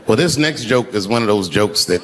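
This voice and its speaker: Over a noisy crowd, a man in his fifties with a lowish voice performs stand-up a little fast in a large live venue. His storytelling is conversational and animated, with sudden shifts into other voices, and the recording carries live hall reverb and faint room noise.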